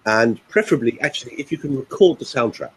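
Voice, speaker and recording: Animated older man, husky voice. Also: mid-range voice, quick pace, poor audio. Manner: chatty, animated storyteller. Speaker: voice coach. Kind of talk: casual webinar chat.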